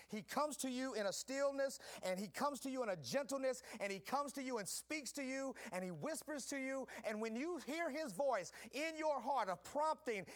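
A man preaching a sermon, calling out to his congregation and swinging between quiet teaching and shouting. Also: very high voice. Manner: preaching with call-and-response, swinging from soft to shouting. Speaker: pastor.

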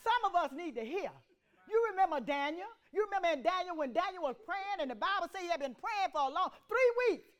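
A woman with a high voice preaches to a church congregation. Her pitch leaps and falls freely as she moves between loud declarations and hushed asides. She calls out to the room and draws answers back. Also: lively intonation, fast talker. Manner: call-and-response preaching, swings from loud to hushed. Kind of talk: sermon.

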